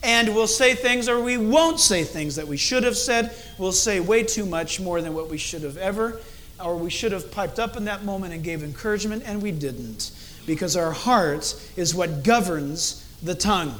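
A middle-aged man preaching a sermon as a pastor, animated and acting out different tones of voice as he speaks. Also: high-pitched, normal speed, a little hiss or hum.

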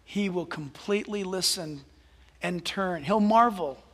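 A male pastor preaching a sermon, animated, dropping to hushed asides and rising to loud exclamations. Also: sits high, measured pace, in a large hall.

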